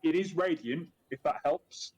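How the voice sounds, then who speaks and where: Aussie male player, fairly high voice, plain and dry, with a jokey side. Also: measured pace, darkish tone, breathy edge. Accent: Australian. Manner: plain, matter-of-fact, jokey. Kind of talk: casual chat at a game table.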